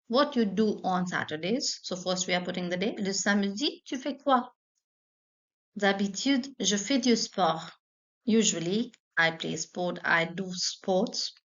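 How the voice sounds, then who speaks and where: Woman, French teacher, patient step-by-step explanations, gravelly edge, slightly dull sound. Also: medium pitch, fairly bright tone. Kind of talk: online language lesson.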